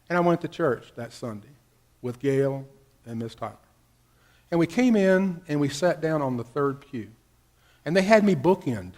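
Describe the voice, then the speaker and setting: A middle-aged male pastor with a slightly high voice delivers a sermon built around a personal story. His volume swings widely, from loud bursts down to hushed, almost whispered passages.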